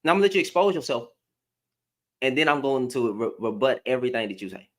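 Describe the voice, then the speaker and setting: A man hosting a livestream, talking in a confrontational, animated way. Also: mid-range voice, fast talker. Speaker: livestream host. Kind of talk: heated livestream talk.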